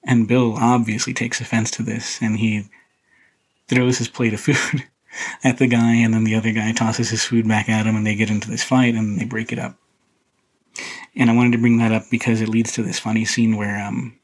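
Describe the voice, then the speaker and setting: Male podcast host, low and husky, flat delivery, casual rambling film talk. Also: low-quality recording. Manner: relaxed, rambling, frequent fillers and restarts. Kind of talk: casual solo film commentary.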